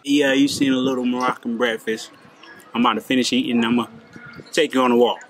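An American man from North Carolina vlogs a trip outdoors by the ocean and in a cafe, chatting with viewers in a laid-back way. His voice is medium-pitched with little pitch movement, he talks fast, and there's slight background noise.

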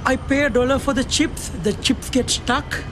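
A man's voice: very high voice, moderate pace. An actor playing an odd man who grumbles about chips and bluntly repeats one word, in a film comedy. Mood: grumbling. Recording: outdoor street noise, passing cars.

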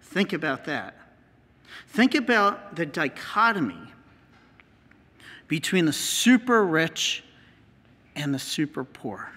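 A man's voice: on the high side, big pitch swings, slow pace, pauses often, pushed and bright, breathy edge. An American man, a priest, giving an earnest teaching talk with slides and repeating key phrases for emphasis. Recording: long hall reverb.

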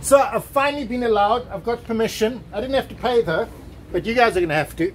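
Walking around a bustling waterfront boat show outdoors, a male travel vlogger keeps up a casual, joking chat and thinks out loud. He talks fast in a very high voice, and the rough recording has faint background noise.

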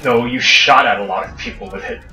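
A man's voice: medium pitch, brisk, bright, forceful tone, a little hiss or hum. Dry-humored young man gaming, roomy distant mic. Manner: dry teasing banter, calls for help. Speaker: gamer playing co-op. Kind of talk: casual let's-play chat.

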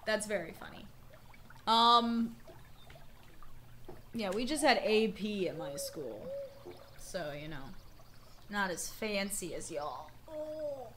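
A woman's voice: mid-range voice, big pitch swings, slow pace, long pauses, fairly bright tone, slight background noise. A young woman with a slightly worn voice, chatting casually and swearing freely while she plays through a game on stream. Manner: chatty, profane, laughs often. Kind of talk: casual let's-play commentary.

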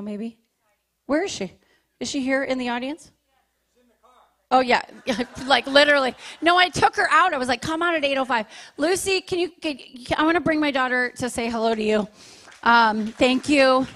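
A woman in her forties performing a stand-up comedy set on stage, chatty and self-deprecating, with quick asides to the crowd. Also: high-pitched, fairly bright tone. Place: live comedy show in a church venue.

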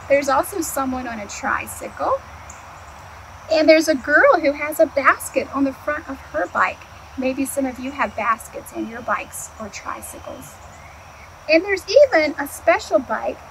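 Lively woman reading to small children. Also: high voice, noisy background. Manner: animated, asks the kids questions and answers them; slow, clear storytime delivery. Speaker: early childhood museum educator. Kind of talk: picture-book read-aloud for young children.

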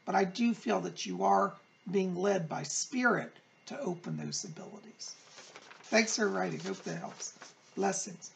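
A middle-aged man hosting a psychic advice show, reading viewer letters aloud and answering them in a gentle, reassuring, chatty way. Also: sits high, creaky. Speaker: psychic medium host.

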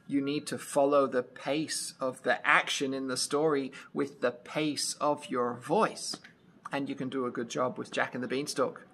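A storyteller explaining how to read a fairy tale aloud, then reading it, in a slow, deliberate manner. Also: mid-range voice, steady tone, fairly bright tone, a little hiss or hum.

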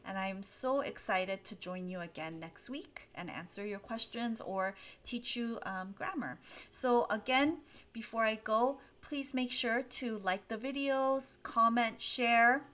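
A woman's voice: a little high, unhurried, a bit bright. A young woman hosting a live English Q&A, answering chat questions patiently with frequent ums.

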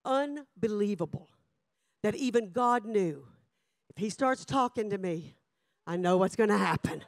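A woman preacher, delivering a revival sermon that swings between shouted passages and hushed asides. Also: fairly low pitch, normal speed, dry recording, studio quality.

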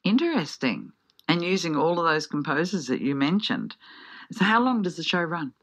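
A woman hosting a live radio interview, chatty and laughing often, reading out ticket details slowly. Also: sits low, big pitch swings, a bit bright. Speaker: radio host. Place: radio studio. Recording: dull lo-fi radio broadcast.

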